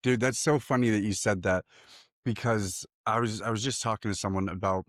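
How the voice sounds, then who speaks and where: A man's voice: fairly low pitch, fairly even intonation, fairly quick, a bit bright, dry recording, studio quality. A man telling a personal story in a casual podcast chat, candid and profane, laughing often. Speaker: podcast co-host.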